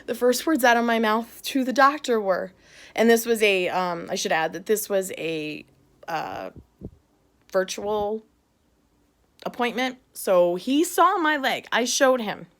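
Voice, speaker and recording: A woman's voice: medium pitch, measured pace, fairly bright tone. A middle-aged woman vlogging about a hard day, tearful and upset, talking in bursts with nervous laughs. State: tearful after crying. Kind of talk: emotional personal vlog.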